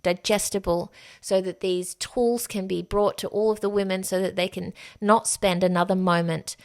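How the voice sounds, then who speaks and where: A woman hosting a solo podcast, talking frankly and emphatically and swearing freely. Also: lowish voice. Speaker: podcast host. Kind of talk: candid solo podcast monologue.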